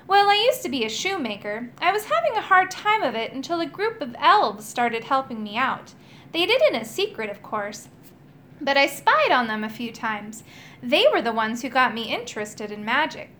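A gentle, earnest old magician man, kindly and hopeful, as a woman reading a storybook puts him on. He talks in a lively, bright voice that rises and falls a lot. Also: high voice, moderate pace, slight background noise. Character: kindly elderly male novice magician, gentle.

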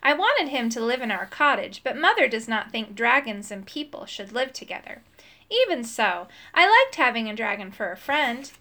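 A woman narrating a children's storybook in an expressive, storytelling manner. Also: fairly high pitch, normal speed. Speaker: audiobook narrator.

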